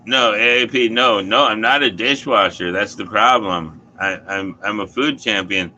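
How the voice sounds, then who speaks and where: A man's voice: lowish voice, moderate pace, sharp tone, rough recording. A man, a dishwasher, talking in casual chat, rambling and swearing with lots of "you know" and "like.".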